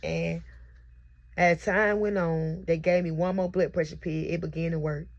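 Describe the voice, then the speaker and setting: A young mother with a fairly low, steady voice records herself on camera, speaking at a moderate pace. She gives a heartfelt, emotional, repetitive testimony about giving birth, and the audio sounds dull.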